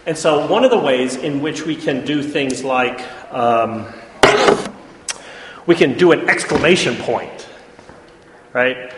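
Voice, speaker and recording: A man's voice: mid-range voice, animated, slow, pauses often. A man giving an informal classroom lecture, chatty and constantly checking in with his listeners. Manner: chatty, checks in often with "right?". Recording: echoey hall, faint room noise.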